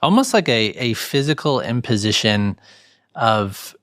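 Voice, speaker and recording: A man's voice: medium pitch, sing-song, measured pace, fairly bright tone, no room sound, studio quality. A man hosting an interview, asking thoughtful, somewhat hesitant questions. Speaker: podcast host. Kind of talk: conversational interview.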